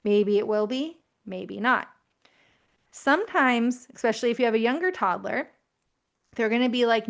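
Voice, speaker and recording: A woman in her thirties giving calm, reassuring parenting advice in a gently explanatory way. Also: a little high, moderate pace, creaky, clean tone. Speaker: parenting educator.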